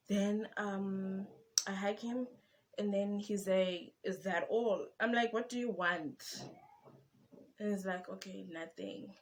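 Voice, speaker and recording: A young woman with a Xhosa South African accent telling a personal story in a vlog, animated and switching between English and Xhosa. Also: lowish voice. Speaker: vlogger.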